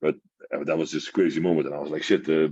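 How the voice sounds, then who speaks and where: A young Dutch man with a very deep voice tells an excited story at a rapid clip, laughing often and filling gaps with "uh." His Dutch accent colors his English. The sound is dry and a little dull, as though it came over a remote podcast call. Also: no echo. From Netherlands. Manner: lively, excited, laughs often, many fillers. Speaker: guest bodybuilder. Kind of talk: casual storytelling.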